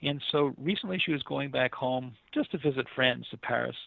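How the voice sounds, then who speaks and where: A man's voice: mid-range voice, fairly quick, gravelly, dry recording. A middle-aged man, a guest on a radio interview, tells a story in an earnest, rambling way with many fillers. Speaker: author and guest. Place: Los Angeles area. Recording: dry tinny phone line.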